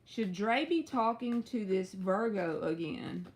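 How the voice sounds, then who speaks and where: A young woman with a Southern US accent reads tarot on a casual live stream. She chats with viewers, drawls and stretches out her words, and jumps suddenly high. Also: animated, slow, slight background noise. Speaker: tarot reader.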